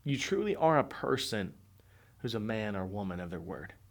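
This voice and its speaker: A man's voice: fairly low pitch, very animated, moderate pace. A man speaking as a motivational coach, talking earnestly and conversationally and repeating phrases for emphasis. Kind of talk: motivational monologue to camera.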